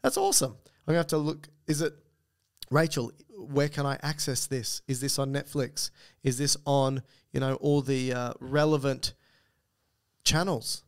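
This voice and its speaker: A man's voice: medium pitch, fairly even intonation, normal speed, smooth. A man with an Australian accent co-hosting a podcast, chatting casually, reading out listener emails and explaining things with joking asides. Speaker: podcast co-host.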